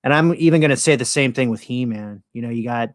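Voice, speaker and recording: A man's voice: mid-range voice, fast, no room sound. A middle-aged man hosting a casual live stream, rambling and jokey with crude language. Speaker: host.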